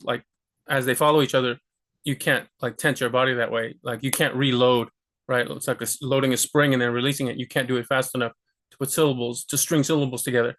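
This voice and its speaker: A young man records a laid-back lesson on how to pronounce sounds, speaking at a mid pitch. He wanders a little with fillers and restarts, then snaps out short, punchy sounds to show how they should be said. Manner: relaxed, rambling, demonstrates sounds with sharp bursts. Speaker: language teacher. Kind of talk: casual video lesson.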